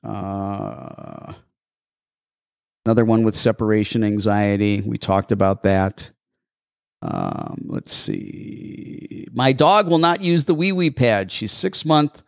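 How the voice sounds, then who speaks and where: Male call-in show host, mid pitch, animated, instructive, dry close mic. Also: no echo. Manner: practical, instructive, repeats steps patiently. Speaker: podcast host and dog trainer.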